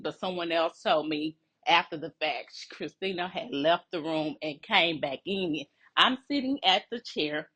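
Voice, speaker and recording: A woman telling a workplace story in a casual, animated and indignant way, laughing between phrases. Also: on the low side, breathy edge.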